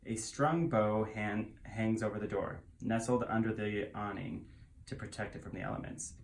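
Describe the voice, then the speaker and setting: A man's voice: fairly low pitch, fairly even intonation, moderate pace, gravelly. Playful man at a tabletop game. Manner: playful, joking. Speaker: player.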